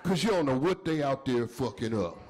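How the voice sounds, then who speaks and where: A man's voice: mid-range voice, brisk. A middle-aged man doing a stand-up comedy set, telling stories with acted-out dialogue. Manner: animated storytelling with acted-out dialogue. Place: comedy club stage with audience. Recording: live set with faint crowd. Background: audience laughter.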